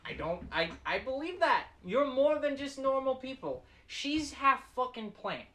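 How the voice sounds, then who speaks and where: A man's voice: very high-pitched, sing-song, unhurried, bright, forceful tone. Brash man with a Boston accent. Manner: brash, heated, argumentative. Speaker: player. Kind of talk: in-character tabletop role-play.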